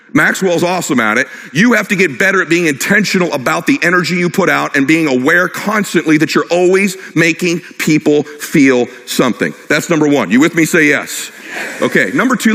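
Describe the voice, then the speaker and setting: A man delivers a rapid, punchy motivational talk, joking with the crowd. His voice is bright and forceful and sits a bit high. It carries through the long reverb of a big hall. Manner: fast, punchy, jokes with the crowd. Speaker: keynote speaker. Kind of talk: energetic motivational speech. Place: large hall with live audience.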